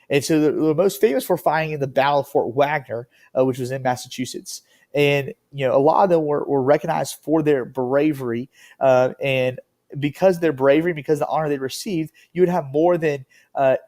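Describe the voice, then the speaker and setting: A man giving a history lesson in a loose, conversational way, often stopping to check in with "okay?". His voice is gravelly and dark, sitting a little high for a man. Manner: casual, filler-heavy, checks in with "okay?". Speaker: teacher. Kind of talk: classroom lecture.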